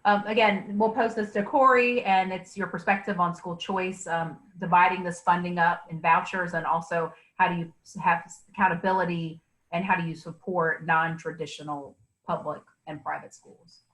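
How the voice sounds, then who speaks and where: Female moderator, lowish voice, encouraging, careful with her questions. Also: steady tone, normal speed, fairly bright tone, poor audio. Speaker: forum moderator. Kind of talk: moderating a candidate forum.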